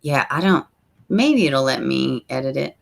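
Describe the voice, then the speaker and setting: A woman hosting a casual livestream, chatting straight to her viewers and reading their comments aloud, with soft asides under her breath. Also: a bass voice, animated, measured pace, vocal fry. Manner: frequent soft asides while fiddling with links. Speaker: livestream host.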